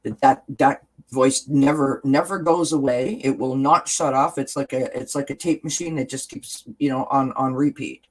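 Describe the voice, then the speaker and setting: A man's voice: mid-range voice, fairly even intonation, normal speed, low-quality recording. A man hosting a casual wellness chat, talking straight to his viewers in an earnest, encouraging way and repeating key phrases. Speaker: host.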